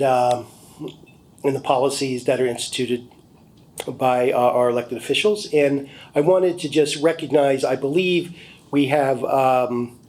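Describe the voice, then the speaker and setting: A man's voice: on the high side, a little mellow, poor audio. A man emceeing an indoor gala, ad-libbing with many fillers as he introduces guests and speakers. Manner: hesitant, many fillers, loosely ad-libbed. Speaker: former board chair acting as emcee. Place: large indoor banquet hall.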